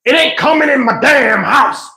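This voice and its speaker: A stubborn old grandfather over 60, as a man puts him on, gruff and dismissive. He waves everything off with flat refusal. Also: high voice, unhurried, exaggerated voice. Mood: angry. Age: older.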